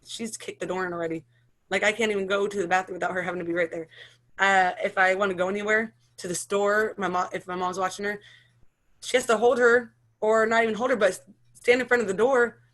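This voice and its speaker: A woman in her thirties giving an emotional personal account as an interviewee, talking in halting, run-on sentences full of restarts. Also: mid-range voice, a bit bright. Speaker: interviewee, mother sharing her story.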